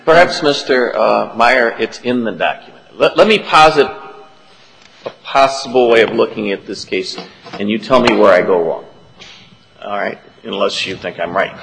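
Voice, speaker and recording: A man's voice: on the low side, normal speed, creaky, fairly bright tone. Methodical male judge questioning counsel. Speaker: appellate judge. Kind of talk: questioning counsel in oral argument. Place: large courtroom. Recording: reverberant courtroom.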